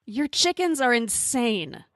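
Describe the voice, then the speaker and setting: A woman's voice: fairly high pitch, sing-song, slow pace, fairly bright tone, a little hiss or hum. A woman podcast host asking short, playful questions in a casual interview.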